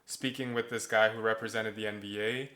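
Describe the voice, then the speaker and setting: A young man on a podcast telling a story in a casual, animated way, swearing freely. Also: on the low side, brisk. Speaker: podcast co-host, brand manager.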